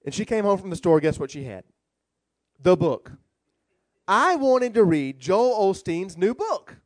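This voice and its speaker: Brief: male rabbi, funny storytelling sermon, very expressive swooping delivery. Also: sits high, a little slow, dry recording. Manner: animated, humorous storytelling preaching.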